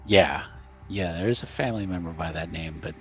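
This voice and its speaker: A man's voice: sits low, fairly quick, a bit bright. A man voicing an older relative woken by a strange phone call, suspicious and confused. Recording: muffled audio with faint music.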